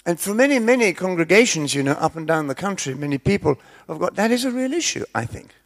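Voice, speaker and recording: Gravelly man telling jokes. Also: sits high, big pitch swings, fast. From Scotland. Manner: chatty, self-deprecating, tells jokes. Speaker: preacher. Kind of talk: sermon with humorous storytelling.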